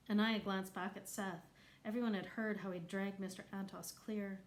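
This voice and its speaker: A woman reading a novel aloud as narrator, lifting her voice for the characters who shout. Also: medium pitch, fairly even intonation, normal speed, poor audio. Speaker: audiobook narrator. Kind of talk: scripted narration.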